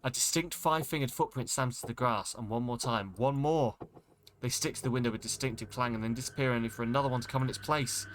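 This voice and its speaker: A man's voice: mid-range voice, fairly even intonation, quick pace, hardly any pauses, a bit bright, slight background noise. A man streaming a game, reading its text aloud in a dramatic way and breaking off with startled exclamations. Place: home streaming setup.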